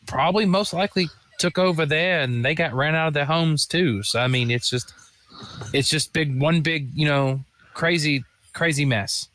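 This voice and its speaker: A man's voice: on the high side, normal speed, a bit bright, no room sound. A man playing a tabletop game in character, talking bluntly in a rambling, colloquial way. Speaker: player. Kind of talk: in-character tabletop role-play.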